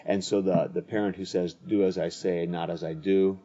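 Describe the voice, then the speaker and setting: Low, mellow-voiced man teaching earnestly. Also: flat delivery, moderate pace. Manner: earnest, repeats words as he restarts. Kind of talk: conversational teaching on faith. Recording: dull lo-fi audio.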